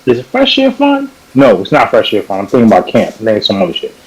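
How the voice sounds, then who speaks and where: A man's voice: lowish voice, huge pitch swings, fast talker, low-quality recording. Rambling panelist man from New York. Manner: rambling, self-correcting storyteller. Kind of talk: casual chat. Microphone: video call.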